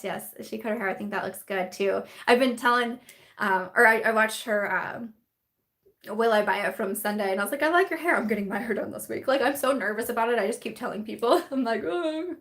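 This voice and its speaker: A woman's voice: a little high, fairly quick, a bit bright. A woman in her late twenties or thirties, a beauty vlogger hosting a casual live-stream chat, rambling with many fillers and restarts as she answers viewer comments.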